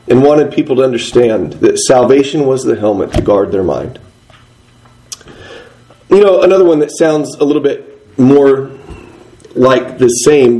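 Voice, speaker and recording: A man's voice: mid-range voice, animated, normal speed, dark tone, poor audio. A middle-aged man preaching an earnest, conversational sermon, reading and explaining Bible verses.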